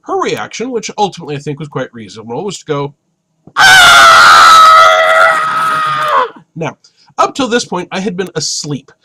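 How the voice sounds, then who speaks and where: A man telling a comic story about his own life in an animated, wry way. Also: on the high side, fast, heavy background noise. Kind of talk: comic personal anecdote.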